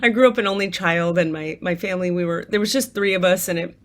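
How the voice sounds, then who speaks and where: Speaking quickly in a lowish voice, this woman from the United States, a tarot reader and spiritual coach, chats from home in her apartment. She runs a gratitude list for her audience, laughing a lot, cursing freely, and staying frank and talkative.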